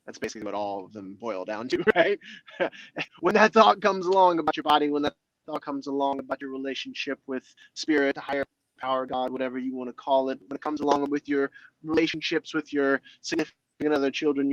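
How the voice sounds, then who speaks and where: A man's voice: fairly high pitch, no echo, highs cut off. A man speaking as a guest in a motivational interview, talking expressively and acting out inner dialogues. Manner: expressive, acts out inner dialogues in other voices.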